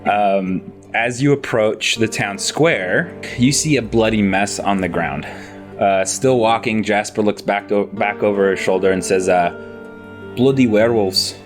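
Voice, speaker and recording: A man's voice: lowish voice, unhurried, soft background music. A man narrating a tabletop game as game master, in a loose, laid-back way.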